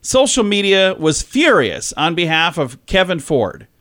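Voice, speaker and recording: Chatty high-voiced male radio host. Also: a little slow. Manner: chatty storyteller, animated. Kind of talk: casual radio chat.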